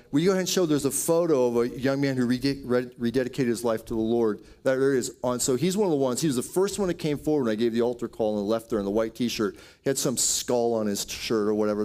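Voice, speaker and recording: A man's voice: medium pitch, fast talker, few pauses, darkish tone. A man preaching a sermon, telling healing stories in a storytelling way with quoted asides. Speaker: pastor. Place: church auditorium.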